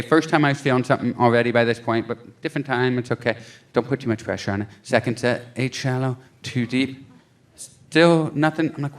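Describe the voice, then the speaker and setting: Man doing animated stand-up storytelling. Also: mid-range voice, brisk, a little hiss or hum. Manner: animated storytelling with acted-out quotes. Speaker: stand-up comedian. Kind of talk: stand-up routine. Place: comedy club stage with a laughing audience.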